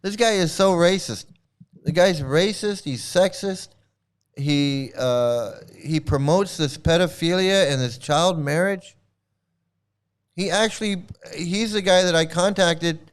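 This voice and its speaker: A man reacts to a clip with blunt scorn, stumbling into restarts and repeating his points. His voice is smooth and clear. It sits a little high for a man. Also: slow. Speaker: commentary host. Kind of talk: mocking reaction commentary.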